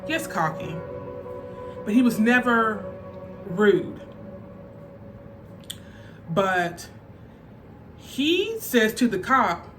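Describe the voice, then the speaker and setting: A woman tells a personal story in a casual, chatty vlog style, with plenty of filler words. Her voice sits at a middle pitch, and soft music plays faintly underneath. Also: very animated, drawn-out words, long pauses. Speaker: vlogger. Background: faint background music.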